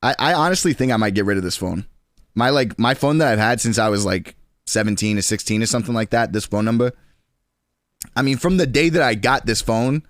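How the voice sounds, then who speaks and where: A young man in his twenties chatting casually on a stream, slangy and rambling, with quick restarts. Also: medium pitch, no echo, studio quality.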